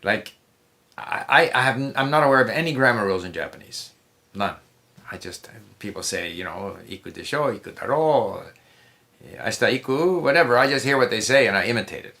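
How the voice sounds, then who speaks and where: A man's voice: medium pitch, lively intonation, a little fast, sharp tone. A man speaking as the guest on a language-learning interview, giving conversational advice in an emphatic way, often repeating himself and restarting his sentences.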